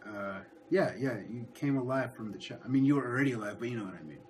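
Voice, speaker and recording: A man's voice: medium pitch, lively intonation, fast talker, a little mellow, slight background noise. Hesitant male streamer, easygoing chat with a guest. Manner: hesitant, repeats words and restarts. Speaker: livestream host. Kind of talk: casual chat.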